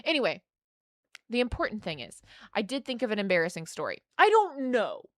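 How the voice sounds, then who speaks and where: A woman's voice: mid-range voice, sing-song, fast talker, a bit bright, no room sound, clean studio sound. A young adult woman streamer chatting casually, rambling through a story full of fillers and restarts. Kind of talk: casual chat on a gaming stream.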